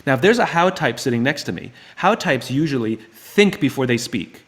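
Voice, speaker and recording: Man, book club host, live Q&A, thinks out loud, restarts sentences, middle pitch. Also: lively intonation, a little fast. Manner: acts out both sides of dialogues in raised voices. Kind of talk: live Q&A talk to viewers.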